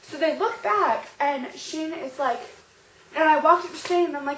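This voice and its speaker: A young woman with a high voice tells a story straight to camera, bubbling over with excitement and "like" after "like". The room around her is roomy and echoey. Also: brisk, slight background noise. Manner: gushing, excitable, heavy use of "like". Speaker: vlogger. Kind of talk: casual storytelling vlog. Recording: roomy echo.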